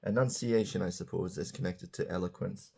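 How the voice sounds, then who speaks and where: A man teaching English grammar in a casual, chatty way, drawing out example words slowly and dropping joking asides, beside a small whiteboard indoors. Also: deep voice, creaky, darkish tone, husky. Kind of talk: casual grammar lesson to camera.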